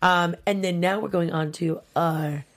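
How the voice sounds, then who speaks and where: A woman's voice: on the low side, steady tone, unhurried. A woman co-hosting a casual chat about a TV show, gushing and chatty with lots of fillers. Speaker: podcast co-host.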